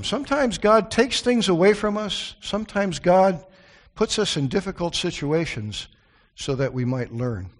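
A man preaching a Bible study sermon in an earnest way, breaking off for chatty asides and restarting his sentences. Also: on the high side.

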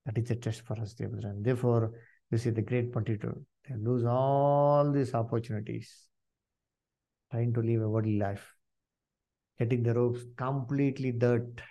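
A man preaching a sermon, swinging from hushed pleading to loud emphatic exhortation and asking the congregation questions. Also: medium pitch, fairly even intonation, normal speed, highs cut off. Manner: asks the congregation questions and calls on members to read.

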